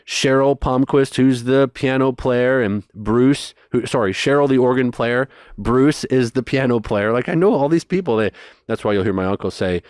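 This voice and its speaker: A man telling a story as a guest in a conversation, animated and rushing through details. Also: medium pitch, no echo, studio quality. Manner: animated, fast bursts of detail.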